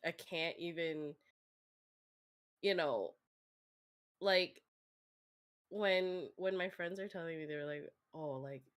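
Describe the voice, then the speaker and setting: A woman streamer talks with a guest in a slow, unhurried way, and her voice sits a little low. She laughs a lot and often restarts her sentences. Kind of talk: casual chat with a guest.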